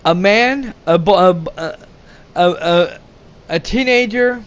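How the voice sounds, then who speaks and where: A man's voice: high-pitched, takes it slowly, smooth. A young man rambling through a casual movie rant, swearing often, stumbling over his words and restarting. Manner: swears a lot, stumbles and restarts, laughs, shouts quoted lines. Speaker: movie reviewer.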